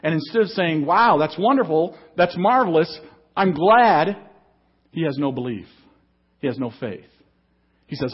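Pastor guy preaching, kinda husky and higher pitched, dull lo-fi recording. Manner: emphatic preaching, reads scripture aloud. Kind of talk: sermon. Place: church service.

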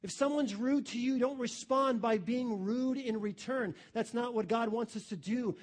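A man's voice: very high-pitched, normal speed. A man preaching a sermon, emphatic and repeating his key phrases, calling listeners his friends.

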